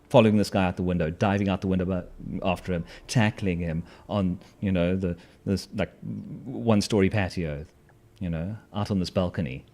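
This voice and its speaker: A man's voice: on the low side, darkish tone. A man telling a personal story in a casual, wry, self-mocking way, with lots of fillers and restarts.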